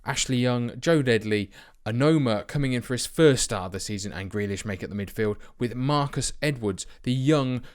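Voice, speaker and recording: A young man casually commentating his football management game, chatty and self-mocking, with sudden bursts of excitement. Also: mid-range voice, normal speed, hardly any pauses, smooth. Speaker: let's play host.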